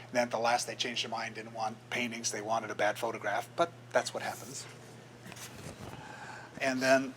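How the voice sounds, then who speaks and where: Older guy, graphic designer, chatty talk to a club, bright voice, bit of hiss behind him. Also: medium pitch, low-quality recording. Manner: storytelling, acts out quoted voices. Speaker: guest speaker, graphic designer. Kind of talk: casual presentation to a club. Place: meeting room.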